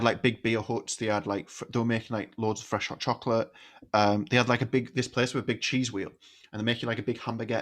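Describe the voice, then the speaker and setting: A man from England co-hosting a casual chat podcast, telling lively stories and acting out the voices. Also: lowish voice. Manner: animated storyteller, acts out voices. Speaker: podcast co-host.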